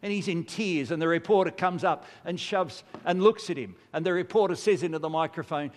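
An older man preaching a sermon, earnest and emphatic, slowing into weighty pauses. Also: fairly high pitch, long reverb tail.

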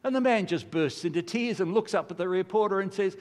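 An older man preaches in a high voice, earnest and emphatic. He slows down for heavy pauses. His voice rings through a long church-hall reverb. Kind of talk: sermon.

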